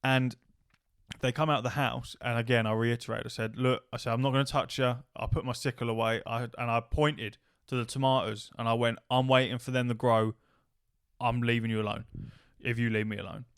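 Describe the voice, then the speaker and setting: A man, co-hosting a casual podcast and telling gaming stories with lots of swearing and acted-out shouting. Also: medium pitch, fairly quick, smooth, dry recording, clean studio sound. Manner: animated anecdote-telling, swears freely, acts out shouting. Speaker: podcast co-host. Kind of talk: casual chat, storytelling.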